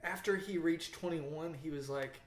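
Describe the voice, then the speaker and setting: Easygoing man in echoey room. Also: fairly high pitch. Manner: easygoing, quick agreeing replies. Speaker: podcast co-host. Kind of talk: casual sports chat. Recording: roomy echo, faint background hiss.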